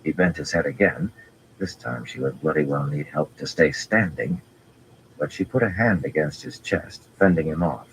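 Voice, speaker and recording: A man reading a fantasy novel aloud as an audiobook narrator, in a measured, even storytelling manner. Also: a bass voice, creaky, a little hiss or hum, low-quality recording.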